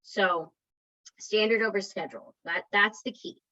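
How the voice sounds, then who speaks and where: A woman's voice: mid-range voice, a little slow, bright, forceful tone, muffled recording. A woman wellness coach giving a conversational motivational talk to an online group, encouraging and often checking in with her listeners.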